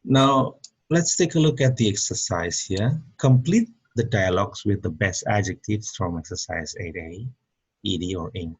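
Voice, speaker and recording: A man teaching English grammar in an online lesson, talking slowly with many fillers and repeating words. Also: fairly low pitch, husky, muffled recording.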